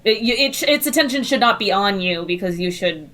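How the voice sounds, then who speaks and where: Lively-voiced woman player. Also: mid-range voice, brisk, recorded from a distance. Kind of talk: tabletop game play.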